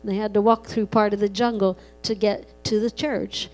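A woman preacher delivering a sermon in a mid-pitched voice, swelling to loud emphatic peaks as she tells her story. Faint music plays softly behind her. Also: level tone, moderate pace, low-quality recording.

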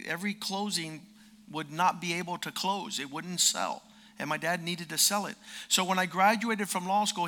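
A man's voice: a little high, pushed and bright. A man in his fifties preaching a sermon, telling a personal story and acting out the dialogue, building to emphatic peaks. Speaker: preacher and lawyer.

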